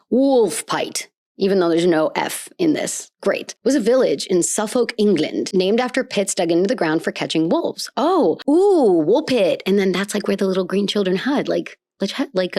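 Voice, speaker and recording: A woman hosting a podcast, reading a folk tale aloud and breaking in with playful, excited asides. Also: lowish voice, no echo, clean studio sound. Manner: bubbly, playful, reacts with gasps and squeals. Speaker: podcast host.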